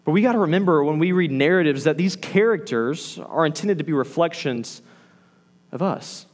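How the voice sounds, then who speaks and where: A man preaching a sermon as a pastor, animated, acting out the lines he quotes. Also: fairly high pitch, normal speed, in a large hall.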